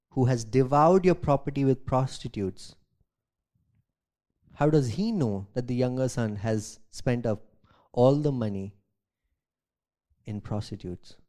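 A man, a pastor, preaching a sermon, reading scripture aloud and asking rhetorical questions, swinging from loud emphasis to quiet asides. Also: medium pitch. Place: church.

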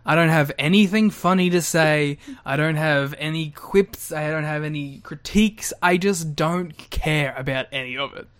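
A man co-hosting a podcast, teasing his partner with deadpan lines and frequent laughter. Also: a little high, normal speed, hardly any pauses, clean tone. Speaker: podcast co-host. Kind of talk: casual podcast banter.

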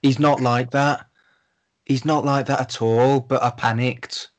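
A man's voice: medium pitch, steady tone, a little slow. Sweary self-mocking man. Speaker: podcast guest. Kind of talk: casual chat.

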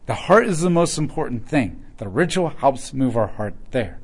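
A man's voice: medium pitch, animated, normal speed, few pauses. A man preaching verse by verse in a conversational way, acting out little quoted asides. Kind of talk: verse-by-verse sermon teaching.

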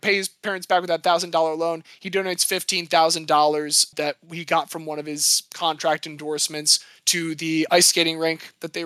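A woman's voice: fairly low pitch, a bit bright, no echo. A woman co-hosting a podcast, telling sports history in a casual, jokey way. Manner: chatty, jokey storytelling. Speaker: podcast co-host.

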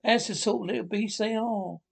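A man voicing a sensible, earnest male water rat in a storybook reading, telling things slowly and emphatically. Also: high voice, steady tone, gravelly, voice pushed up. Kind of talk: storybook character voice.

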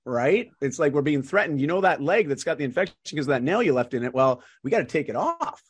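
A man, a guest coach, talking in an animated, upbeat way and laughing often in a casual interview. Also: on the high side, quick pace, husky. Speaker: guest, fitness and lifestyle coach. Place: home in Vancouver, remote call.

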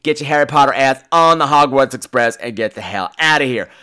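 A man's voice: medium pitch, fairly quick, pushed and bright, smooth, lightly acted. A man voicing pushy villagers who insist a stranger leave, in a mocking tone. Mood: mock pleading.

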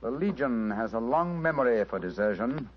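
A man's voice: mid-range voice, expressive, normal speed, husky. An actor playing a precise, coolly accusing male detective in a 1940s radio drama. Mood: calm. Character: cool, cutting male detective. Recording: dull lo-fi old radio recording.

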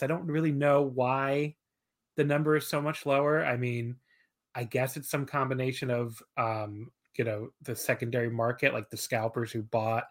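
As a guest on a casual podcast, a man in his thirties chats at an ordinary pitch with a fairly bright tone. He rambles easily and self-deprecatingly, hedging his points with lots of fillers.

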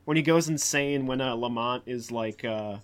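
A man hosting a casual podcast talk about films, rambling with many fillers and restarts, and growing animated as he talks. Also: mid-range voice, normal speed. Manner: animated, acts out quotes in a raised voice. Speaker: podcast host. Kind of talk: casual film discussion.

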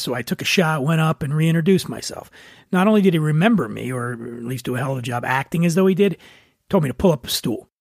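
A man hosting a podcast, narrating a personal story in a relaxed, conversational way. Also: a little high, gravelly, no room sound, clean studio sound. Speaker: podcast host.

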